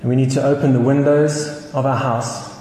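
A man's voice: mid-range voice, flat delivery, normal speed, dark tone. A South African man preaching a sermon, telling a story with chuckles and many restarts. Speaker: pastor. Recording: echoey hall with faint noise.

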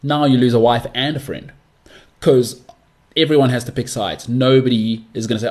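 A man's voice: mid-range voice, fairly even intonation, moderate pace, darkish tone. A young man hosting a solo podcast, talking in a chatty, rambling way with mocking asides. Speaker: podcast host.

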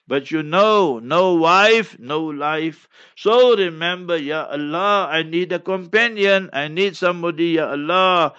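Male religious teacher, emphatic and stern; slightly high, forceful delivery. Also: smooth, muffled recording. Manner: emphatic, stern, weaves in Arabic recitation. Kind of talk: instructive sermon.

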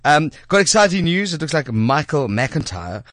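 Chatty radio host. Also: male voice, on the high side, big pitch swings, normal speed, fairly bright tone, no room sound. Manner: chatty, upbeat, with frequent fillers. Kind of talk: casual radio chat.

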